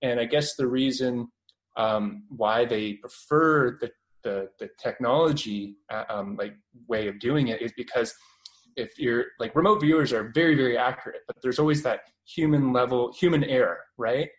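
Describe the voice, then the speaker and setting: A man's voice: mid-range voice, moderate pace, low-quality recording. A man in his twenties with a Canadian accent, a guest in a casual radio interview, rambling and full of fillers and restarts. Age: 20s.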